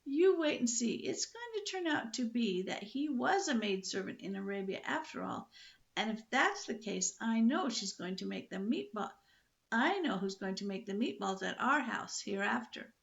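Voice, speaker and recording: A woman's voice: on the high side, sing-song, normal speed, vocal fry, highs cut off. An older woman voicing a bold, cheerful little girl of great strength, cheeky and bossy in a storybook reading. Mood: chatty.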